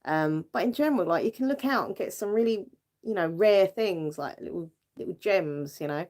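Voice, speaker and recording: A woman's voice: fairly low pitch, animated, moderate pace, darkish tone. A British woman hosting a casual livestream, chatting with viewers in a giggly way and using lots of fillers. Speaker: livestream host. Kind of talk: casual live chat with viewers.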